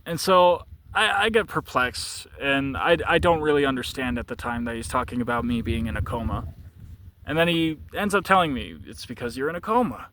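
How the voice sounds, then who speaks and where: A man telling a personal story in a casual way, halting and repeating words, with frequent chuckles. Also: mid-range voice, animated, pushed and bright, a little hiss or hum.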